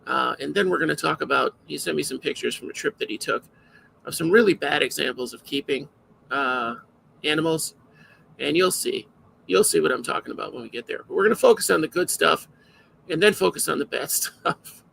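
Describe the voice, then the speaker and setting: Man, casual podcast host, gravelly voice, slightly high pitch, loose rambling chat. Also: fairly quick, fairly bright tone, slight background noise, low-quality recording. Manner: rambling, loose and self-interrupting.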